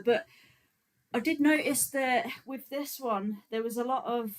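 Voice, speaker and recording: Relaxed chatty woman livestreaming. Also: on the high side, unhurried, low-quality recording. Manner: chatty and relaxed, many fillers, frequent laughs. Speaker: vegan activist livestream host. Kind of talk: casual livestream chat with viewers.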